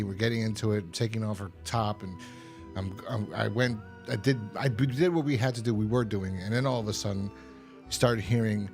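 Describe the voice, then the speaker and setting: A man co-hosting a podcast, chatting casually and rambling through stories with frequent laughs. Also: fairly low pitch. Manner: rambling storyteller who laughs often. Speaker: podcast co-host. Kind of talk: casual review chat.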